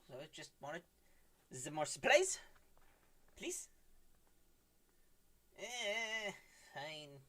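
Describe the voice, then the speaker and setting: A man's voice: very high-pitched, a bit bright, voice pushed up, full character voice, poor audio. A man doing an awkward elven tinkerer with a mock German accent. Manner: hesitant, mumbled, put-on German accent.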